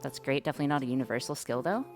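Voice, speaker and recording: A woman with a remarkably low voice chats casually with her stream audience. She talks hesitantly and self-consciously, with frequent fillers and restarts, while faint music plays underneath. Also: very fast, a little mellow. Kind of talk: casual live-stream chat.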